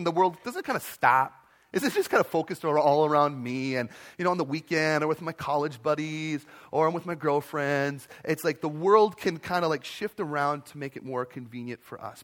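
A young adult man preaching a sermon to a church congregation in a conversational, animated way, dropping into playful voices. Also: a little high. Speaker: pastor.

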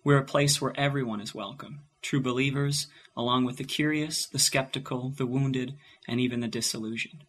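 A man reading the scripted welcome for a church podcast in a steady, welcoming way. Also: medium pitch, moderate pace, few pauses. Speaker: podcast announcer. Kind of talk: scripted intro.

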